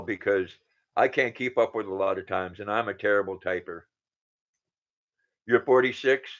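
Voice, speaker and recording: A man's voice: on the low side, normal speed, pauses often, a bit bright. A man in his sixties hosting a casual livestream, greeting viewers by name and reading their comments aloud. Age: 60s. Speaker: livestream host. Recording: dull lo-fi sound.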